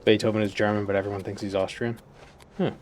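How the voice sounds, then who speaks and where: A man's voice: on the low side, flat delivery, quick pace, soft background music. A man casually chatting and musing while streaming a game, often trailing off mid-sentence. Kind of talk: casual gaming stream chat.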